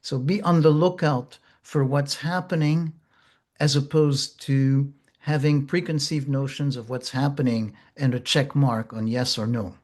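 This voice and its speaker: A man teaching therapists in a slow, gentle, measured way, pausing often. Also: medium pitch, steady tone. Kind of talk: reflective teaching talk.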